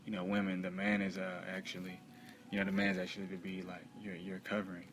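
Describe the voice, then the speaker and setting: A man teaching from the bible in a conversational way, with many fillers, reading scripture slowly and loudly. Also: deep voice, monotone, slight background noise.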